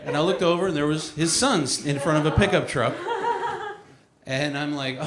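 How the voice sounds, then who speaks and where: Wry stand-up comedian, echoey room. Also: male voice, on the high side, normal speed, fairly bright tone, slight background noise. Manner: wry, self-mocking storytelling.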